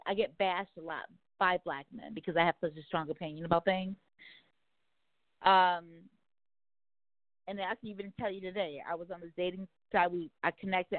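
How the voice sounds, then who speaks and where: Her voice sits fairly low, captured in a dry recording with a narrow, phone-like quality. As a talk show guest in a casual, candid conversation, she talks bluntly about dating, outspoken and outgoing, and curses freely.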